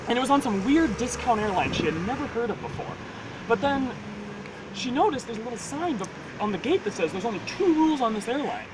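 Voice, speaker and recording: Animated man telling a joke by traffic. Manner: animated storyteller, jumps into high character voices. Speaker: joke teller.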